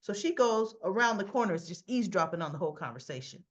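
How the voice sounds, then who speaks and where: A woman's voice: mid-range voice, animated, quick pace, muffled recording. A woman casually recapping a soap opera episode, retelling scenes in a chatty way with frequent restarts and asides.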